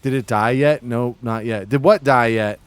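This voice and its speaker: A man's voice: medium pitch, moderate pace, clean tone, no echo. A man from Massachusetts livestreaming, chatting with viewers in an exaggerated put-on Boston-New York accent and playfully ribbing them. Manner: joking, playfully ribbing chat. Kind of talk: casual livestream chat.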